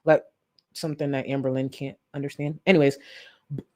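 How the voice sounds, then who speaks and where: A woman hosting a live-stream commentary, incredulous and animated, thanking viewers for donations between points. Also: rumbling low, fairly quick. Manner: animated, incredulous, thanks chat donors warmly. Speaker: commentary YouTuber.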